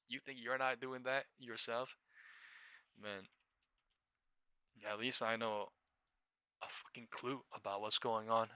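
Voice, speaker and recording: A man's voice: mid-range voice, sharp tone, clear, resonant tone, no room sound. A man hosting a live trading stream, talking casually, swearing and laughing often as he rambles.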